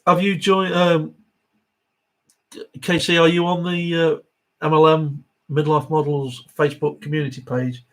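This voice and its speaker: Middle-aged bloke doing a live q&a, chatty, reads out comments, lots of uhs. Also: male voice, on the high side, little pitch movement, measured pace, rough recording. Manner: chatty, reads viewer comments aloud, many fillers. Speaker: host of a live Q&A stream. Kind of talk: casual live-stream chat reading comments.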